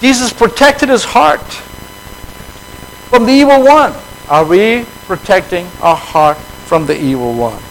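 A man preaching a conversational sermon to his fellowship, switching between quiet reflection and animated acted-out dialogue. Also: high voice, a little hiss or hum, rough recording.

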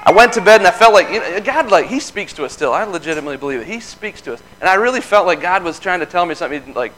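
A man's voice: sits high, lively intonation, fast, a bit bright, low-quality recording. Earnest man telling a folksy testimony. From Michigan. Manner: folksy, earnest storytelling with laughs. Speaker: lay speaker giving testimony. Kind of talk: informal sermon testimony.

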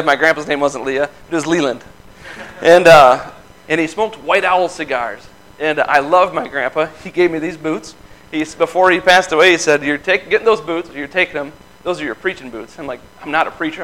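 A man in his thirties from the Midwest giving an informal testimony at a church, telling a story in an earnest, folksy way with quick laughs. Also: on the high side, a bit bright, poor audio. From Michigan. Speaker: lay speaker giving testimony.

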